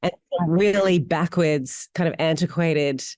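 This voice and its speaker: A middle-aged Australian woman, an actor, telling stories in an interview with animated, candid delivery. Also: unhurried, dry recording, studio quality. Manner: animated, candid storytelling with wide pitch swings. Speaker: actor guest. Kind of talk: interview conversation.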